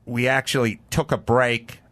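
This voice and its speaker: A man chats casually, telling a long story with plenty of "like" and restarts. His voice has a bright, forward edge and a medium pitch. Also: little pitch movement, a little slow, no echo. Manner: storytelling, lots of fillers like "like". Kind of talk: casual chat.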